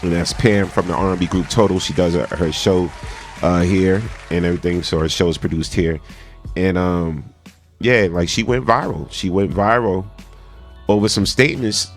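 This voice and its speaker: Energetic low-voiced radio host man. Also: moderate pace, soft background music. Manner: energetic, hyping up listeners. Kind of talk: casual radio talk.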